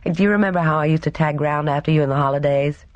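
A reader voicing a calm young man in a storybook reading, measured and gently teasing. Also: a little high, dry recording, lo-fi sound, lightly acted.

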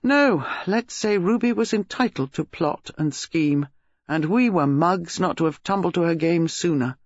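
A man playing a charming, outspoken, rather boastful gentleman with a dry, blunt way of talking. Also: on the high side, a little slow, no room sound. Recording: dull lo-fi recording.

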